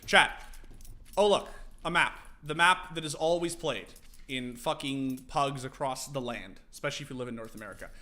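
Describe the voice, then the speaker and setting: A young man casually streaming, teaching game tactics to his chat, animated and profane. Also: medium pitch, moderate pace. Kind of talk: casual livestream commentary.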